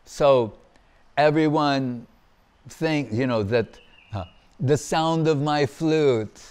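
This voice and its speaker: A man giving a devotional lecture as a monk, telling scripture stories in an animated way and acting out the quotes. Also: fairly high pitch, slow, smooth. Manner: animated storyteller, acts out quotes with laughter. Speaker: monk giving a spiritual discourse.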